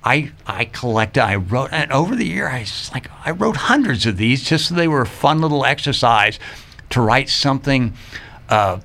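An older retired man, a guest on a radio talk show, telling stories in an animated way and acting out quoted voices. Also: mid-range voice, normal speed, gravelly. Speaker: radio guest, riddle writer. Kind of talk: casual radio interview chat.

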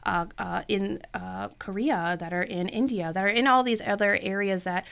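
Woman, casual interview talk, enthusiastic, gravelly fry, lots of ums. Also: medium pitch, normal speed, a bit bright. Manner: chatty, enthusiastic, many fillers. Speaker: blood services representative.

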